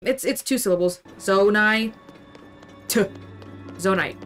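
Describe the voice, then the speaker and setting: A woman's voice: a little high, animated, normal speed, fairly bright tone, faint music behind. A young woman streaming a video game, commenting casually in a playful, self-mocking way and talking to herself.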